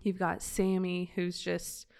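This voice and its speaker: As a guest in conversation, a woman gives a reflective, heartfelt testimony about a mission trip, speaking earnestly with frequent fillers and restarts. Her voice is low, monotone and slow, with vocal fry. The tone is a little mellow and clean.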